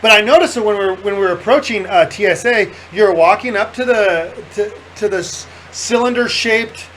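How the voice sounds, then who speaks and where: A man hosting a podcast, telling a story in casual chat, animated and profane, often laughing as he talks. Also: high-pitched, normal speed, a little hiss or hum, poor audio. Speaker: podcast host.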